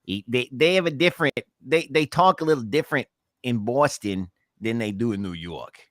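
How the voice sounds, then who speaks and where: A man from Kentucky co-hosts a casual morning show. His bright voice swings widely in pitch as he jokes around, and the sound is dry and close. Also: normal speed, no room sound. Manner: animated, jokey, bursts into silly voices. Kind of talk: casual chat.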